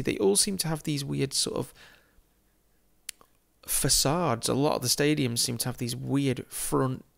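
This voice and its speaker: A man's voice: medium pitch, creaky, a bit bright. An Englishman giving casual, amused commentary as he tours a city virtually, chatting and laughing often with jokey asides. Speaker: football game YouTuber. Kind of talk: casual commentary over a virtual street tour.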